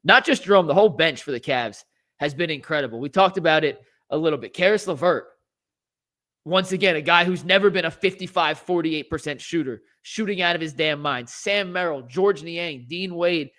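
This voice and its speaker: A man's voice: a little high, moderate pace, bright, forceful tone. A man hosting a sports talk show, talking animatedly and rattling off statistics.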